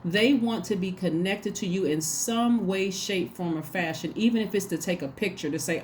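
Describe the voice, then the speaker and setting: A woman's voice: mid-range voice, moderate pace, few pauses, a little hiss or hum. A woman giving a casual tarot reading, talking emphatically and acting out little quoted exchanges. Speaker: tarot reader.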